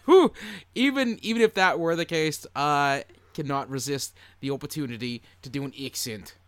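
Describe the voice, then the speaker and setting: A man co-hosting a podcast in casual chat, jokey and animated as he tells stories. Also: fairly high pitch, normal speed, clean tone, no echo. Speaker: podcast co-host.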